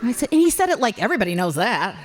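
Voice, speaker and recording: Lively fifty-something woman telling a story. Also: on the high side, rapid-fire, background noise. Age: 50s. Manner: animated, comic, voices her own exclamations loudly. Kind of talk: personal storytelling on stage. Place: library event hall.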